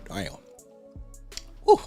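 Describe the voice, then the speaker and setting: A man's voice: extremely slow, mellow, soft background music. A man hosting a casual livestream, greeting viewers by name in laid-back slangy talk. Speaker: livestream host.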